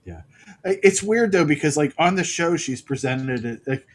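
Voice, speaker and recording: A middle-aged man co-hosting a podcast, chatting casually and telling family stories with quick impressions of the people in them. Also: a little high, expressive, low-quality recording. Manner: storytelling, mimics his father's outbursts. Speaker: podcast co-host. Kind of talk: casual chat.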